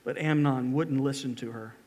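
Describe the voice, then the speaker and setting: A man's voice: mid-range voice, fairly even intonation, moderate pace, a little mellow. A middle-aged man preaching a sermon as pastor, reading scripture with dramatic emphatic pleas.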